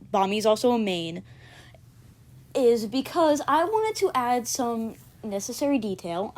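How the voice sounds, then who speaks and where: A woman's voice: fairly high pitch, darkish tone. Casual female video creator, rambly and offhand, unpolished. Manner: offhand and dismissive, drifting tangents.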